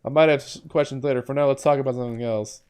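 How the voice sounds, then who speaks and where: A young man streams a video game, commenting and reading its text out loud. His mid-range voice is clean and rapid-fire, lurching from deadpan asides to shrieking outbursts.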